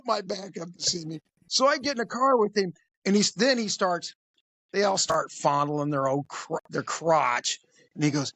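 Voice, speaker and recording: A man, a police officer, telling a crude story in an animated, conversational way. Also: high voice, moderate pace, no room sound. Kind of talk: casual storytelling.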